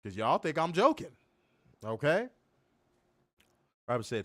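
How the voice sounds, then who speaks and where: A young man co-hosting a wrestling review livestream, reading chat comments and trash-talking in a profane, animated way. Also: a little high, unhurried, dry recording. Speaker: wrestling podcast co-host.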